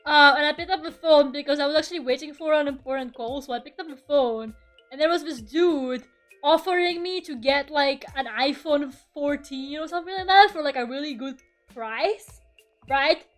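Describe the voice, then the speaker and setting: Brief: young female streamer, casual and profane, laughs a lot, high voice. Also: normal speed, a bit bright, soft background music. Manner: swears freely, laughs often, rambling. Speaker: VTuber streamer. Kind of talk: casual chat during an art stream.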